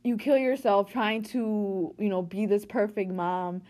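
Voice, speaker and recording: A woman's voice: mid-range voice, a little slow, darkish tone. A woman in her late twenties co-hosting a podcast, gushing in a casual, slangy way and filling her talk with "like" and "you know what I mean.". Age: 20s. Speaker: podcast co-host. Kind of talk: casual chat.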